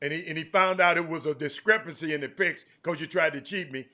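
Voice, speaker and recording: A man's voice: a little high, bright, forceful tone. A man co-hosting a casual sports talk show, jumping in with teasing remarks. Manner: teasing, quick interjections.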